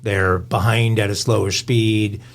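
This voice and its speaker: A man's voice: lowish voice, flat delivery, a little slow, a little hiss or hum. A man co-hosting a crime podcast, talking in a rambling, casual way. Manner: rambling, many fillers and restarts. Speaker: podcast co-host. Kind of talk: casual chat.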